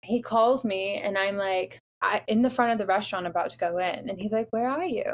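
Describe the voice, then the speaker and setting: A young woman from the Los Angeles area talking casually and telling a dating story. Her voice sits mid-range in pitch, and she packs her sentences with "like" fillers. She is animated and keeps the story moving. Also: brisk. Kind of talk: casual chat.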